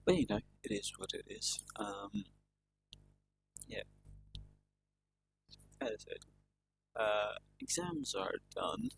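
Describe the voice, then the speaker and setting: A man's voice: on the low side, slow, creaky, long pauses, soft background music. A male streamer chatting casually on a live stream, tired and rambling in a self-deprecating way.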